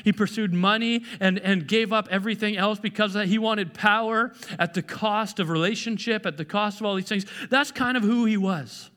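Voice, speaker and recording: In an echoey hall, a high-pitched man preaches at a normal pace, barely pausing. The pastor keeps things conversational and animated, repeating words and starting over often. He gives quoted speakers their own voices.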